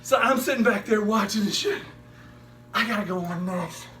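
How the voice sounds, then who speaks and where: A man from Richmond, Virginia, a stand-up comedian telling a comedy anecdote in casual chat, animated and profane, laughing through his story. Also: sits high, normal speed. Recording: voice far from the mic with steady noise.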